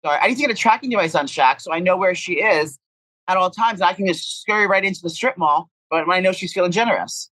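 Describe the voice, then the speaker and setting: Man, podcast co-host, rapid rambling chat, slightly high voice, dry close sound. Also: dry recording, low-quality recording. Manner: animated, rambling, crude humor. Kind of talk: casual chat.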